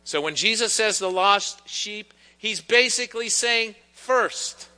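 High, bright-voiced preacher in a reverberant church. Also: male voice, slow. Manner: conversational preaching, teasing asides to the congregation. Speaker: pastor. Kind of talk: sermon. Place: church sanctuary.

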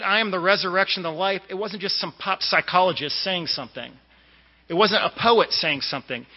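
Male lay preacher from the Boston area, higher voice, conversational sermon, dull recording with a long church echo. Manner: conversational preaching with fillers and asides. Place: church sanctuary.

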